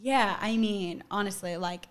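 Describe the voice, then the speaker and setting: A woman's voice: mid-range voice, measured pace. A young adult woman, an actor guest on a podcast, telling a story in casual chat and filling her talk with "like". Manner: chatty, fills talk with "like".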